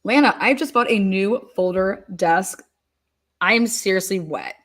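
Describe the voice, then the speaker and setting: A woman's voice: mid-range voice, moderate pace, fairly bright tone. Chatty woman hosting a livestream. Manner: chatty, giggly, talks to her viewers. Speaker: livestream host. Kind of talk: casual chat over a courtroom livestream.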